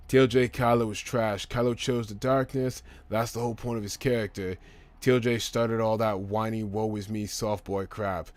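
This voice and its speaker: A man's voice: low-pitched, no room sound. A young man casually reading live chat comments on his stream, rambling and swearing as he rants. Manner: profane, rambling, animated ranting.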